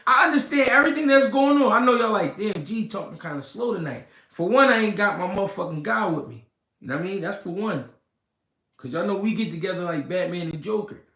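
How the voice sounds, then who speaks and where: A man hosting a casual livestream, reading comments and talking slow and deliberate, repeating himself and swearing. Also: high voice, very animated, fairly bright tone. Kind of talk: casual livestream talk about boxing. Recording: roomy echo.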